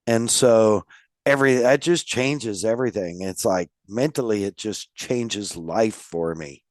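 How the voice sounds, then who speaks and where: Slow, laid-back man hosting a podcast. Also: fairly low pitch, dry recording, clean studio sound. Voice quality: nasal. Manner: laid-back, rambling with many fillers. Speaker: podcast host. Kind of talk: casual chat.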